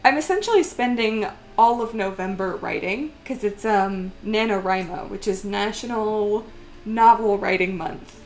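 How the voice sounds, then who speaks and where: A woman's voice: mid-range voice, a little slow. A young woman streamer chatting casually while she draws, laughing often as she talks.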